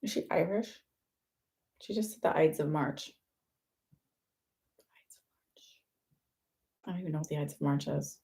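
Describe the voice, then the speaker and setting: A woman doing a live psychic medium reading, chatty and halting, with frequent fillers and laughter. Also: sits low, vocal fry, mellow.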